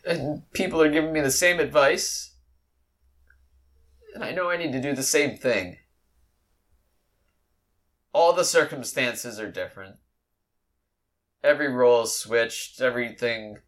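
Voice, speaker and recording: A man's voice: mid-range voice, measured pace, long pauses, a bit bright. A young adult man hosting a podcast, telling a personal story in a candid, rambling way with a lot of swearing. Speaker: podcast host.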